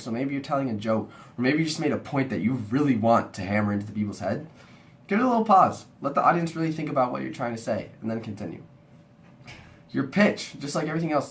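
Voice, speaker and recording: A young man and university student, sick and with a rough-sounding voice, talking through a talk he watched in a rambling, casual way. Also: medium pitch, slight background noise. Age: young adult. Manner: chatty and rambling, lots of "kinda". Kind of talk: casual video review.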